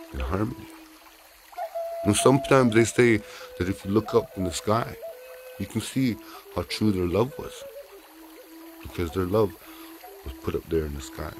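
A man telling a traditional story aloud in an unhurried, soft-spoken, conversational way. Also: deep voice.

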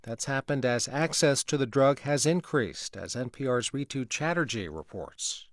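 Male news anchor, mid-pitched, crisp and even, dry booth. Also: moderate pace, dry recording. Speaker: newscaster. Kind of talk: national news bulletin.

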